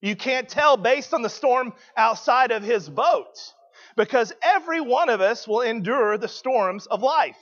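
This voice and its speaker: A man's voice: very high-pitched, animated, measured pace, a bit bright, muffled recording. A man preaching a sermon, emphatic and questioning the congregation.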